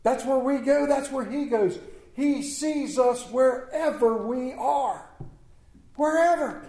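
A man preaching a sermon in an earnest manner, repeating key words and often dropping to a hushed tone. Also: extremely high pitch, slow pace, echoey room, poor audio.

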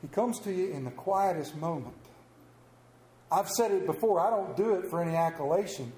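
A man's voice: high voice, expressive, moderate pace, mellow. A man preaching a sermon as pastor, telling folksy stories and joking about himself. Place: church. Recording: echoey church room.

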